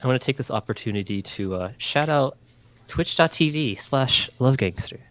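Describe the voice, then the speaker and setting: A man's voice: mid-range voice, lively intonation, moderate pace, a bit bright. A man casting a video game match live, teasing his co-caster with questions. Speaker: esports caster.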